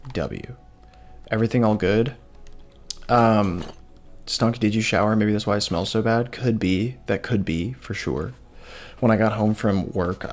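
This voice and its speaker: Young male streamer, loose rambling delivery, low-set voice, light music under. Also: creaky. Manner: rambling, laid-back, reads chat aloud. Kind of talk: casual live-stream chat while gaming.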